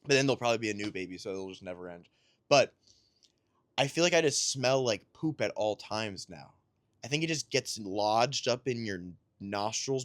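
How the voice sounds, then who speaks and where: In a dry recording, a medium-pitched man chats casually about his week as a new father. The podcast host tells rambling stories, often poking fun at himself.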